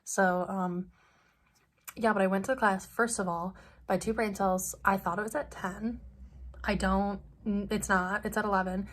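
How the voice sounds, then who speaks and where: Young woman rambling into her phone, chatty, says like a lot, normal mid pitch. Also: steady tone, moderate pace, a bit bright. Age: young adult. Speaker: study-abroad student vlogger. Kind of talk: casual vlog chat.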